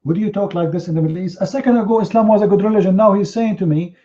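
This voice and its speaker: A man with a rather high voice hosts a heated live online debate, goading his opponents with sarcastic rhetorical questions. His English is non-native in its grammar. The stream audio sounds a little dull and muffled. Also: fast, hardly any pauses, dark tone. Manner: confrontational, mocking, rhetorical questions. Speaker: debate host.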